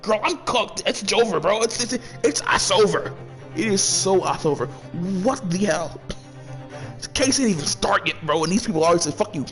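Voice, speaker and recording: A young man playing a courtroom game and reacting out loud, excitable and swearing a lot, laughing and rambling in slang. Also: sits high, normal speed, faint music behind. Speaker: gaming YouTuber. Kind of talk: let's play commentary, reading game dialogue aloud.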